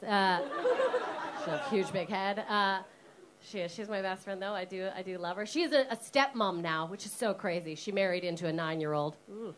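A woman's voice: mid-range voice, brisk. A woman doing stand-up in a comedy club, teasing the crowd and swearing freely. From Canada. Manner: brash, sweary, teasing the audience. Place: comedy club stage with audience laughter.

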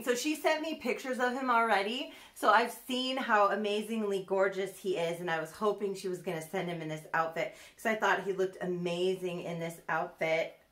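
A woman's voice: medium pitch, a bit bright. A young adult woman chatting in a casual box-opening vlog, gushing and cooing over a new doll. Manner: gushing, coos and squeals. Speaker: vlogger.

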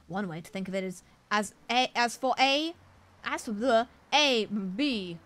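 A woman's voice: fairly high pitch, animated, unhurried, fairly bright tone. A woman streamer chatting casually over a game, playful and giggly as she sounds out Japanese words.

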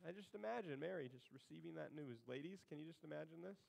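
Slightly high-voiced joking male pastor. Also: lively intonation, fast, gravelly, few pauses, a little mellow, poor audio. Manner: conversational, humorous, sarcastic asides. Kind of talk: sermon.

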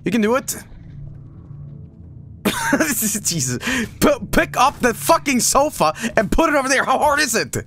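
Excitable high-voiced male streamer. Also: a little slow, soft background music. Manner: excitable, swearing, laughing often. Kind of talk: casual let's-play commentary.

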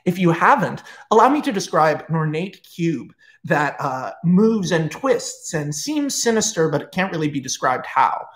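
A screenwriter telling a film pitch in a casual, rambling, profane storytelling style, full of energy and asides. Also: male voice, sing-song, normal speed, hardly any pauses, a bit bright.

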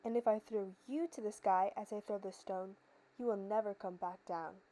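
A woman's voice: medium pitch, fairly even intonation, normal speed, dark tone, lightly acted, poor audio. A woman voicing a bold, clever young male hero while reading a storybook tale. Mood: proud. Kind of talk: storybook narration.

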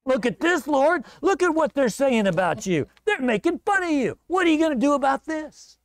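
A distraught king cries out in a strained, much higher voice, as a preacher puts him on. His plea is indignant and urgent, with a gravelly edge. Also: big pitch swings, moderate pace, no room sound, clean studio sound, full character voice. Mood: pleading. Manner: pleading, indignant. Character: desperate pleading male king.

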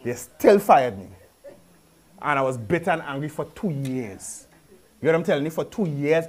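A preacher delivers his sermon in a notably high voice for a man. He mixes rhetorical questions and repetition with joking, everyday asides. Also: darkish tone. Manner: conversational and humorous asides in local speech.

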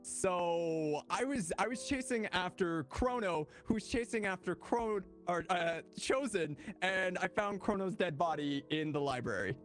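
A man with a fairly high voice, calmly explaining his moves to friends during a game. Faint music runs under the chat. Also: a little slow, hardly any pauses. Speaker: game player.

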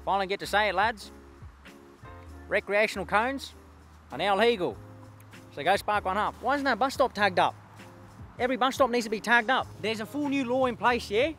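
A man's voice: sits high, moderate pace, pauses often, a bit bright, faint music behind. A man with an Australian accent playing a brash young eshay street lad who became prime minister, talking in cocky, slangy swagger. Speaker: comedy sketch creator. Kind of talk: comedy sketch character.

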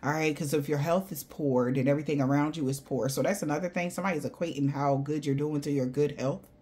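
Woman, tarot reader, lowish voice, blunt, profane, slangy, animated chatter. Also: quick pace. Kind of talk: casual spiritual tarot reading to viewers.

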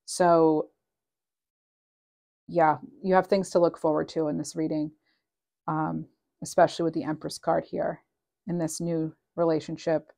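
A woman's voice: deep voice, little pitch movement, a little slow, gravelly, long pauses, mellow. A woman giving a casual, channeled tarot reading, chatty and meandering with frequent ums, reading card messages aloud. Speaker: tarot reader.

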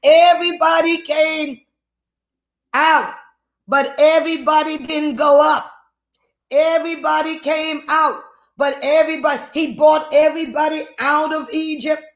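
A man's voice: very high-pitched, flat delivery, measured pace, fairly bright tone. A man preaching a sermon, working the crowd with call-and-response and repeated phrases. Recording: echoey room.

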